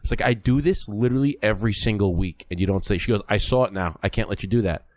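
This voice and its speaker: A man's voice: fairly low pitch, fast talker, a little mellow, dry recording. A man co-hosting a podcast, talking in a blunt, casual way with the odd curse. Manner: blunt, profane storyteller. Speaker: podcast co-host. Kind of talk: casual chat.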